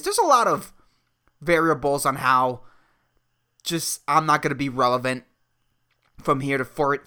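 A podcast host in his twenties delivers a solo comedic rant in a bright, forceful, medium-pitched voice. He sounds exasperated and profane, with lots of fillers throughout.

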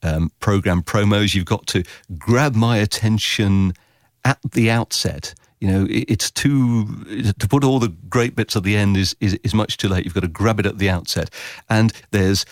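Guy talking radio craft, animated, jumps into silly voices, dead dry sound. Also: moderate pace, no room sound. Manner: animated, quotes imagined voices with big pitch leaps. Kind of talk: interview answers.

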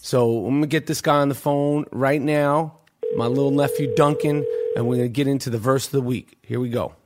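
A man's voice: mid-range voice, fairly even intonation, fairly quick, heavy background noise. A middle-aged man from New York who hosts a podcast, ranting about sports in a profane, worked-up comic way. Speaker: podcast host. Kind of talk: comedic sports rant.

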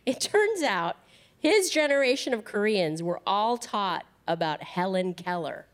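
A Korean American woman doing a stand-up comedy set, telling stories in a wry, deadpan way. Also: medium pitch, measured pace. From United States.

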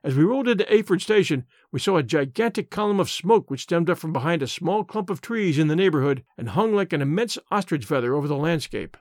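A man narrating an audiobook in the first person, clear and expressive. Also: a little high, fast, hardly any pauses, no room sound, clean studio sound.

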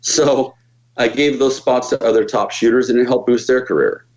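A man's voice: medium pitch, normal speed, muffled recording. A man telling stories as a podcast guest, swearing freely and acting out the people in them. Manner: profane, animated, acts out quoted voices. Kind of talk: casual storytelling on a podcast.

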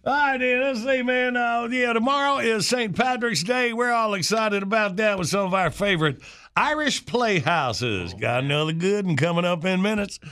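A man's voice: sits high, lively intonation, normal speed, pushed and bright. A man hosting a morning radio show, bantering folksily and reading ads.

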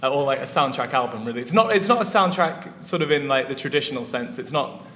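A man's voice: medium pitch, expressive, quick pace, bright, forceful tone. A man, a musician guest, chatting casually in an interview, rambling with lots of fillers. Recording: echoey hall with faint noise.

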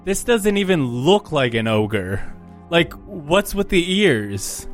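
A man voicing a grieving, earnest young male orc prince in a tabletop game, speaking in a halting, soft-spoken way. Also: on the high side, very animated, faint music behind, voice pushed up. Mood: puzzled. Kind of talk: tabletop role-play in character.

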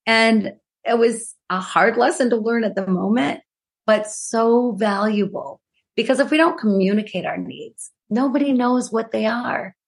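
A woman's voice: a little high, measured pace, husky. A middle-aged woman who is a guest author, telling personal stories in a casual interview with frequent "you know"s.

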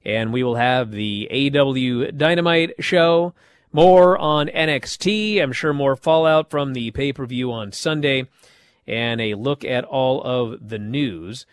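A man hosting a show, recapping wrestling in a casual, animated way and acting out the quoted lines. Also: medium pitch, slow pace, clear, resonant tone, dry recording.

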